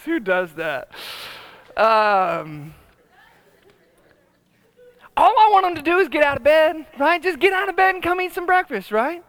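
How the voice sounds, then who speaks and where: Middle-aged male pastor, high bright voice, dry close sound, chatty and humorous preaching. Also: sing-song, a little slow, pauses often, no echo. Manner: conversational, tag questions, humorous asides. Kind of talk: sermon.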